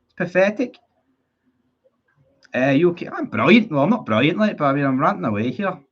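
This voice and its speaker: A man's voice: a little high, very animated, a little fast, highs cut off. A Scottish man ranting heatedly about his football club on a live stream, reading chat messages and swearing often. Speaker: football fan livestreamer.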